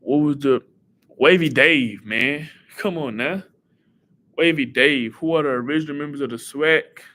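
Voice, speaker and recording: A young man hosting a casual livestream, thinking aloud through quiz answers and talking back to his chat in an excitable way. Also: a little high, unhurried. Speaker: livestream host.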